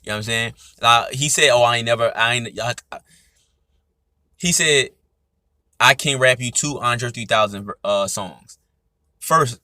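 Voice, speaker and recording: Bright-voiced young Atlanta man talking loosely. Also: medium pitch, no echo, studio quality. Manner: loose, conversational, repeats "you know what I'm saying". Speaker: podcast host. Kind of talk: casual solo commentary.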